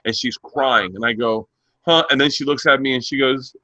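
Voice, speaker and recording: A stand-up comedian, a man, in casual podcast chat, telling animated stories, acting out the people in them and breaking into big laughs. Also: medium pitch, normal speed, no echo, highs cut off. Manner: animated storyteller who acts out voices and laughs hard.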